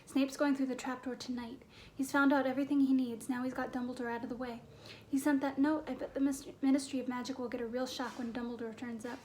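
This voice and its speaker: A determined young boy wizard , played by a woman reading, talks with urgent intensity. The voice sits high and presses forward. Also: flat delivery, quick pace, few pauses, darkish tone, a little hiss or hum, natural voice.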